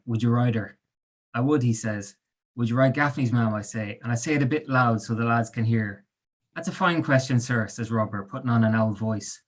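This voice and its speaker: A male author who talks calmly and thoughtfully with some fillers, then reads his own story aloud. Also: mid-range voice. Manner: calm, thoughtful, halting with fillers when chatting.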